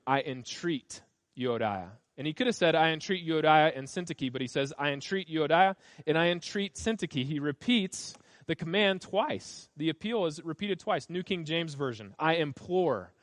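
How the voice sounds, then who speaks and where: A man's voice: medium pitch, no room sound. A man preaches in an emphatic, building cadence, pressing on repeated phrases as he reads scripture aloud. His voice sits in an ordinary middle register and the sound is close and dry, with little room around it. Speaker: pastor. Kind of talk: sermon.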